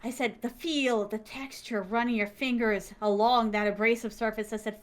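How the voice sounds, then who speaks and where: A woman guest telling a heartfelt, excitable story, acting out the people she quotes and laughing often. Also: a little high, moderate pace, few pauses. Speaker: interview guest, manga creator. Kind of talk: animated storytelling.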